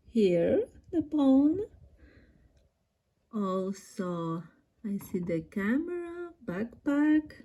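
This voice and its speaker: A woman narrating a doll play story, showing toys in a slow, gentle show-and-tell way. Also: medium pitch. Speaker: toy storyteller.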